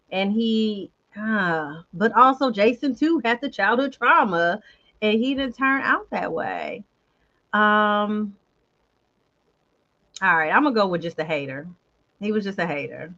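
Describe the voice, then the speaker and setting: A woman hosting a casual chat show, animated and chatty, talking straight to her viewers. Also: mid-range voice, a little slow, dull audio. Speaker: host.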